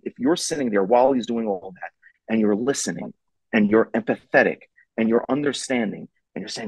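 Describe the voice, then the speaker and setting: A man's voice: medium pitch, a little fast, a little mellow, husky, dry recording, rough recording. A middle-aged man giving parenting advice as a guest, telling a story emphatically and repeating his key points.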